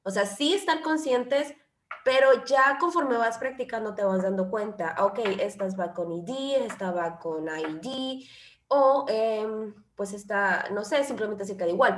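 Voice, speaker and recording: Speaking at medium pitch and normal speed, a woman teaches an English grammar lesson in a classroom. She is a native Spanish speaker who patiently explains using both English and Spanish, and the space sounds echoey.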